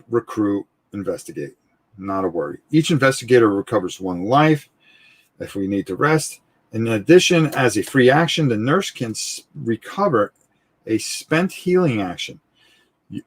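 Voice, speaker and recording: Husky-voiced man hosting a board game stream. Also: mid-range voice, big pitch swings, normal speed. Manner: thinks aloud, chatty, repeats words, frequent "all right". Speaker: host of a live tabletop game stream. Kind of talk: casual live playthrough, explaining rules. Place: indoors at a gaming table, filmed from overhead.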